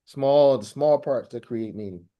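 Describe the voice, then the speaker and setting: A man's voice: mid-range voice, a little slow, highs cut off. A man teaching a live language class, quizzing the student and often repeating and restarting his phrases.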